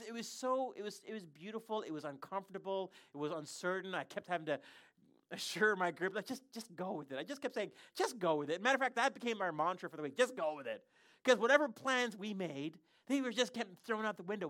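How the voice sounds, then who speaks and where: Pastor for a sermon slot: lively storyteller who trips over their own words, middle-of-the-road pitch. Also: brisk. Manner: animated storytelling with frequent self-restarts.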